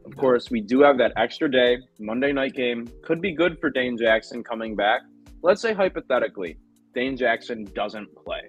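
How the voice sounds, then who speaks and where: A man's voice: medium pitch, lo-fi sound. A man co-hosting a podcast, chatting casually about football and running through injury news. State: talking with food in his mouth. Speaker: podcast co-host. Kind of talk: casual sports chat.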